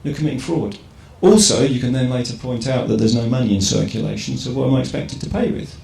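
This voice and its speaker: Gravelly but a little mellow, an English man's mid-range voice moves at a quick pace, with a little hiss or hum on the recording. He gives an informal talk in an echoey event hall with faint ambience, drawing in the audience with rhetorical questions and "right?"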